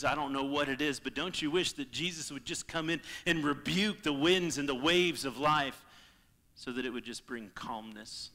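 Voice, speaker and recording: Guy preaching a sermon in a big echoey church hall, sharp bright voice, goes loud then quiet. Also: mid-range voice. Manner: impassioned, swings between loud and hushed. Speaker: pastor. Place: church sanctuary.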